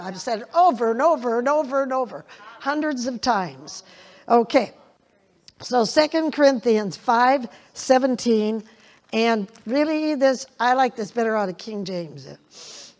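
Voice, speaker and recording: A woman's voice: fairly high pitch, lively intonation, unhurried, darkish tone. An older woman preaching a sermon in a folksy way, chuckling often and repeating scripture lines with emphasis.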